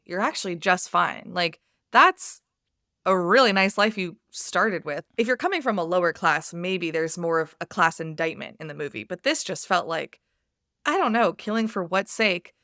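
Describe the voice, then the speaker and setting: An American woman guesting on a podcast, telling her reactions in an emphatic, animated, casual way. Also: on the low side, moderate pace, no echo, studio quality. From United States.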